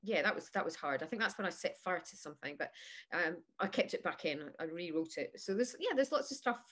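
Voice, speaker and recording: A woman's voice: lowish voice, lively intonation, fairly quick, a bit bright. Chatty woman in her fifties. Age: 50s. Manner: chatty storyteller, laughs often, acts out voices in anecdotes. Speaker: guest. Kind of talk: casual chat.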